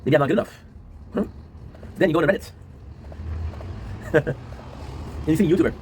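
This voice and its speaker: A man in his twenties, a streamer and video creator, talking in a casual confessional monologue. He sounds low and worn out, rambling, tagging lines with a question and swearing often. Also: brisk, darkish tone, a little hiss or hum, rough recording. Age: 20s.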